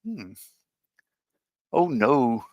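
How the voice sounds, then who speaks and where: A man's voice: medium pitch, big pitch swings, extremely slow, no room sound, lo-fi sound. A man hosting a live stream, musing aloud with many fillers and restarts as he works on a model. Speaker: livestream host building a model ship. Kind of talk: casual live-stream chat.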